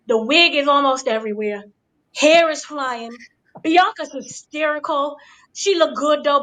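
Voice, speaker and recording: A woman's voice: sits high, sharp tone, low-quality recording. A woman recapping a wrestling match in a playful, gossipy way, acting out the quotes with gasps and dramatic voices. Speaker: entertainment editor recapping wrestling. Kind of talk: animated recap chat.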